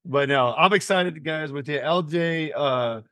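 A man's voice: a little high, a little slow, bright, forceful tone, no echo. Joking man on a podcast. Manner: joking, laughs often. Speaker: podcast co-host. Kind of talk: casual chat.

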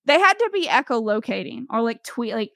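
Animated young woman telling a story. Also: fairly high pitch, a little fast, creaky, dry recording, studio quality. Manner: animated, laughing, filler-heavy storytelling. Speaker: podcast host. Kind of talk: casual storytelling chat.

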